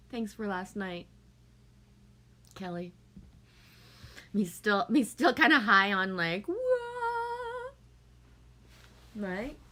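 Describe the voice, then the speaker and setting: A middle-aged woman from Canada, chatting loosely to her livestream viewers with a bright, forceful voice. She tells stories, swears freely and laughs a lot, with her pitch in a middle range. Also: expressive, slow, pauses often. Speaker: livestream host. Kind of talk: casual chat to viewers.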